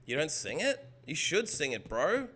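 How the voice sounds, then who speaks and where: An Australian man rambles through a casual gaming stream, swearing freely. His voice is bright and forward, and his pitch leaps around excitably. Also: moderate pace, a little hiss or hum. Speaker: game streamer chatting with viewers. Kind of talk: casual chat while gaming.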